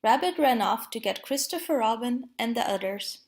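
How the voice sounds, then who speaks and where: A woman reading a storybook aloud in a calm, even voice. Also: on the high side, normal speed. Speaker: storybook reader.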